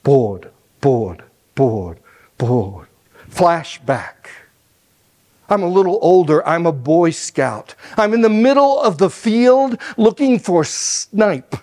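Brief: male professor-storyteller, high and animated, unhurried, theatrical. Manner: theatrical, shifts between loud and hushed. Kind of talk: dramatic storytelling performance. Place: lecture hall stage.

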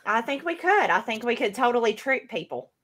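A woman's voice: on the high side, very animated, fairly quick, fairly bright tone. A woman chatting casually as a guest, playful and enthusiastic, laughing along. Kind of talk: casual chat.

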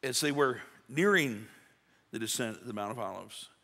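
Gravelly man preaching in a reverberant church. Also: medium pitch, animated, moderate pace, bright, forceful tone. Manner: conversational, folksy, with restarts and acted-out quotes. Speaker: pastor. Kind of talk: sermon. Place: church sanctuary.

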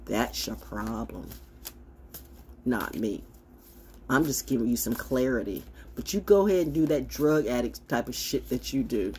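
A woman's voice: rumbling low, lively intonation, measured pace, mellow, slight background noise. A woman holding a casual, brash, sassy monologue to camera as a self-styled spiritual oracle, swinging from mocking asides to blunt remarks.

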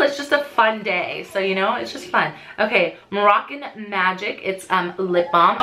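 Woman, 30s, beauty vlogger, bright forceful tone, excitable gushing delivery, faint hiss. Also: a little high, normal speed. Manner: gushing, excitable, frequent gasps. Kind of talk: casual unboxing vlog.

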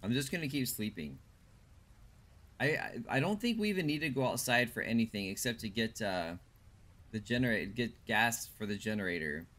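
A man's voice: on the low side, big pitch swings, moderate pace, a bit bright. A man casually commenting while he plays a video game and chats with viewers, thinking aloud as he goes. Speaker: streamer.

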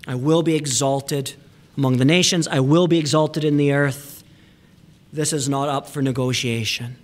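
A man pastor preaching a sermon in a church, emphatic, sometimes dropping to hushed asides and repeating words for emphasis. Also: mid-range voice, steady tone, normal speed. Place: church sanctuary.

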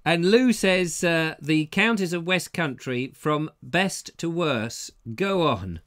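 A man's voice: on the high side, animated, slow pace, a bit bright. Middle-aged male host, jokey rambling live-stream banter. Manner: jokey, rambling, reads viewer comments aloud. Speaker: host of a live online show. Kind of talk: casual live-stream chat.

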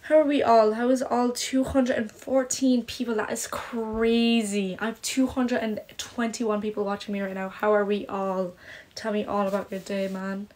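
A young woman in Ireland whose parents are Polish talks casually on a livestream through her phone camera, reading comments and worrying aloud with many uses of "like". She sounds chatty yet self-conscious, her medium-pitched voice flat, a little mellow, and at normal speed.

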